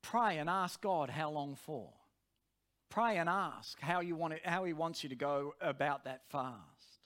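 A man's voice: a little high, expressive, unhurried, fairly bright tone. A man preaching a sermon, telling a personal story in an earnest, direct way.

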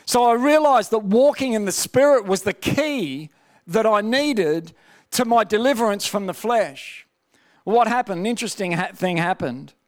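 Brief: male preacher, high for a man, testimony style, repeats and restarts. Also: expressive, moderate pace. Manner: personal testimony with many restarts and rhetorical questions. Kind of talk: sermon.

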